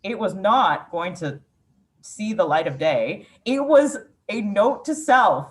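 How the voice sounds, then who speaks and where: A woman's voice: mid-range voice, animated, takes it slowly. A woman poet from Ukraine, telling a candid, reflective story in a casual interview, with frequent "like" fillers.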